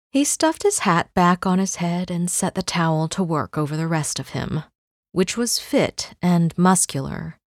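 A woman narrating a novel as an audiobook reader, in measured, unhurried storytelling. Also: low voice, a little mellow, no echo, studio quality. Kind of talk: scripted narration.

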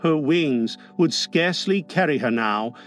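A man narrating a storybook aloud in a dramatic way, shifting from hushed to lively. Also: on the high side, measured pace, faint music behind. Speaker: audiobook narrator. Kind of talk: expressive storybook reading.

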